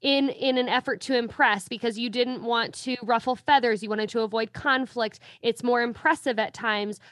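A woman author as guest, talking earnestly about faith and her book, slowing down to stress her points. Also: on the high side, a bit bright, no room sound, clean studio sound. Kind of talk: faith-based reflective talk.

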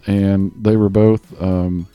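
A man with a Southern US accent hosting a podcast in casual chat, rambling with fillers and restarts and talking a bit fast. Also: sits low, level tone, dark tone, clear, resonant tone, dry recording, faint music behind. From Southern US (Tennessee). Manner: talks a bit fast on mic. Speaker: podcast host.

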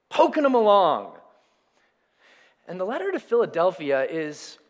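A man preaching a sermon to his congregation, animated, calling on them to repeat words with him. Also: high-pitched. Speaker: pastor. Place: church sanctuary. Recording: reverberant hall.

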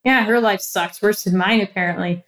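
A woman's voice: mid-range voice, normal speed, a bit bright. A young adult woman, a guest in a casual interview, telling a personal story candidly and with animation, often laughing.

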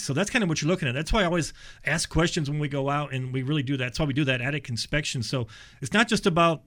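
A contractor chats on a radio show at a quick clip, his voice sitting a little high. He tells stories about customers and acts out their lines as he goes. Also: a bit bright. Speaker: attic ventilation contractor guest. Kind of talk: casual radio talk.

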